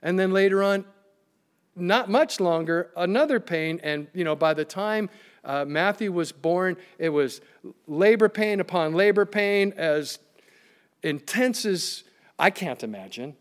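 Man, middle-aged pastor, slightly high-pitched, animated sermon delivery with scripture reading and personal anecdotes. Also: measured pace, clear, resonant tone. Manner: reads scripture aloud and tells personal stories.

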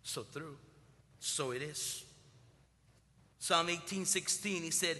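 A man in his sixties preaching a sermon, swinging from loud bursts to hushed lines. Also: on the high side, takes it slowly, pauses often. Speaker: pastor. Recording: long reverb of a large hall.

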